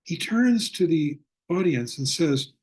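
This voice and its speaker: Older man teaching with a husky voice. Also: fairly high pitch, lively intonation, a little mellow. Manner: reflective, slows down for emphasis. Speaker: Buddhist teacher. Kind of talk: online lecture with storytelling. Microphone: video call.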